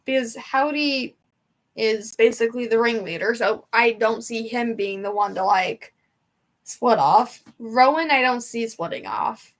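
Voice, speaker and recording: A woman's voice: a little high, a little slow. Chatty young woman livestream host. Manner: rambling, emotional, chatty fan talk. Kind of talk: casual chat with live chat. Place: home.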